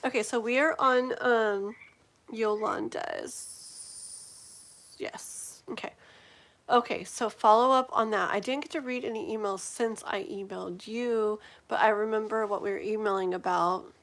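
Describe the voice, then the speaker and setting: A woman's voice: medium pitch, fairly even intonation, measured pace, gravelly, fairly bright tone. A woman in her forties hosting a live tarot reading, chatting in a rambling, giggly way with many fillers. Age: 40s. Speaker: tarot reader hosting a livestream. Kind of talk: casual livestream chat.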